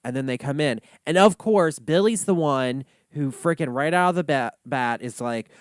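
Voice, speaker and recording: A man's voice: on the high side, moderate pace, clean tone, no echo, studio quality. A man hosting a comedy reaction monologue, ranting sassily and swearing often. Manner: sassy, animated ranting with frequent swearing. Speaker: host.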